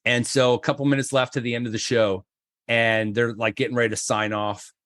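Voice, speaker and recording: A middle-aged man from Florida, a podcast guest telling a story with lively acted-out quotes, jumping into high voices for the other people in it. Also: fairly quick, no echo, clean studio sound. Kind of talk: animated storytelling.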